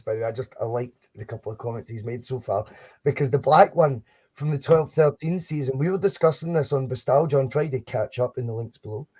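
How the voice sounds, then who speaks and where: In a dull, lo-fi live stream from his home studio, a man co-hosting a podcast talks casually about football kits. He's chatty and rambling, often restarting sentences, and his mid-range voice is mellow and slightly rough.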